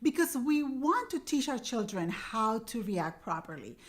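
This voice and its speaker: A woman's voice: a little high, very animated, measured pace. A woman in her forties, mother of teenagers, hosting a parenting advice show in an earnest, coaching way that repeats its key points. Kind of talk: direct-to-camera parenting advice.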